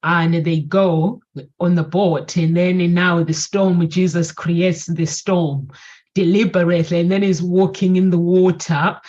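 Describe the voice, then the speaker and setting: A woman's voice: fairly low pitch, fairly even intonation, unhurried, darkish tone. Woman retelling a story, lo-fi sound. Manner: retells a story eagerly, with restarts. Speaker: talk show co-host. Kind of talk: casual faith and self-help chat.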